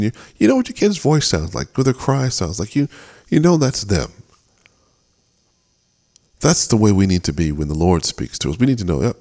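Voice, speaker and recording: A man's voice: medium pitch, darkish tone. A middle-aged man hosting a devotional talk, earnest, often repeating and restarting words as he speaks. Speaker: podcast host.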